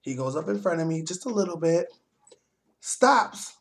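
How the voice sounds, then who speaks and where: A young man vlogging, telling a story in a heavily profane, animated rant. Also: fairly high pitch, moderate pace, gravelly.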